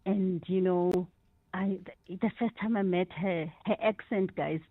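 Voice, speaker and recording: A woman's voice: on the low side, a little slow, no room sound. A South African woman calling into a radio show, talking effusively and mixing in Sesotho phrases. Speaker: caller. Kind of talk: radio call-in tribute. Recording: tinny phone line, dry.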